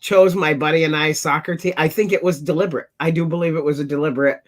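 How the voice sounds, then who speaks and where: A panelist in a casual panel chat, speaking at an ordinary middle pitch. The delivery is wry and joking, and stories ramble along with small restarts. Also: steady tone, fast talker.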